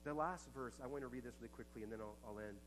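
An earnest male pastor delivering a sermon at a mid-range pitch. He moves between hushed, intimate passages and emphatic, impassioned ones, with a faint hum behind him. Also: fast.

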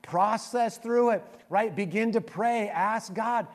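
Speaking slowly and at a high pitch, this male pastor tells stories through his sermon with lively energy, moving from loud, vivid bursts to gentle, hushed moments.

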